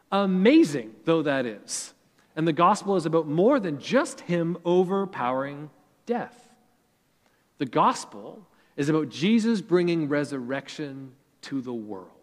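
A man's voice: on the high side, sing-song, a little slow. A male pastor preaching a sermon to his congregation, earnest and emphatic, building his points in rising lists. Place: church sanctuary. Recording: church hall reverb.

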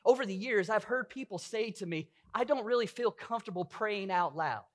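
A man's voice: high-pitched, lively intonation, fairly quick, a bit bright. A middle-aged man preaching a sermon as pastor, earnest and full of rhetorical questions.

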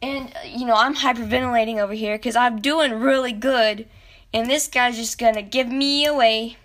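A young woman telling a rambling, animated story about a video game as a podcast host. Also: fairly high pitch, normal speed. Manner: rambling, animated, self-interrupting. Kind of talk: casual storytelling.

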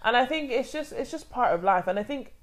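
A woman's voice: fairly high pitch, animated, fairly quick, a loud crowd. A woman co-hosting a podcast in casual chat, speaking emphatically and earnestly. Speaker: podcast co-host.

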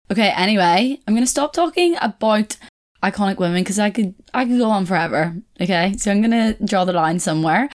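A young woman vlogging in a casual chat to camera, talkative and quick to correct herself. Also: on the low side. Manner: chatty, self-correcting, laughs often.

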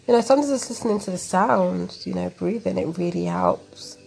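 A woman with a London accent hosting a call-in chat, slow and hesitant with many fillers. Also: fairly low pitch, vocal fry, darkish tone, faint music behind. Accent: London English. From England. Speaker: host. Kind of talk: casual chat.

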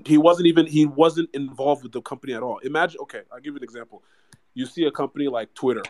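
A man co-hosting a casual podcast chat, telling stories in an animated, profane, joking way. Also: fairly high pitch, fast, no echo. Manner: animated, profane, jokey storytelling.

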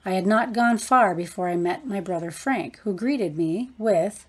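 A woman narrating a book in a measured, reverent reading voice. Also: mid-range voice, breathy edge. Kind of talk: audiobook narration.

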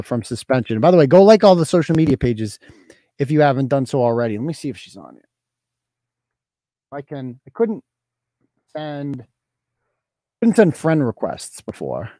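A man's voice: a little high, big pitch swings, normal speed, pauses often, warm tone, dry recording. A man hosting a casual livestream, talking in a crude, mocking, profane way. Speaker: host.

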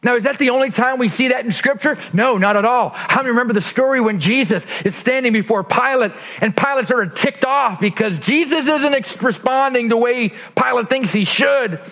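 A male pastor preaching a sermon, acting out quoted lines with lively swings between emphatic and soft, intimate tones. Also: very high voice, a little fast, hardly any pauses. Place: church.

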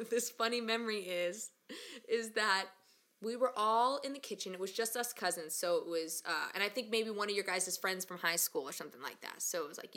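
A young woman chatting casually with a cousin, telling childhood stories in an animated way with lots of "like" and laughter. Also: mid-range voice. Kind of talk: casual storytelling chat.

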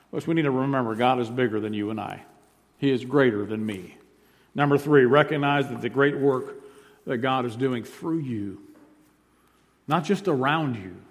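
Preacher in a reverberant hall. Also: male voice, medium pitch. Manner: emphatic preaching, repeats key points, swings loud and soft. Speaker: pastor. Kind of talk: sermon.

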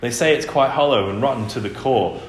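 A man voicing a large, gentle living sea cliff that rumbles and sounds worried and grave, read in a roomy space. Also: a little fast, slight background noise, close to an everyday voice. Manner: anxious, warning. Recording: roomy echo.

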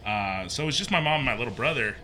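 Bright-voiced man telling a spooky story. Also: fast, slight background noise. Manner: animated, acts out quotes with pitch jumps. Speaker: guest telling a ghost story. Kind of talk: casual storytelling.

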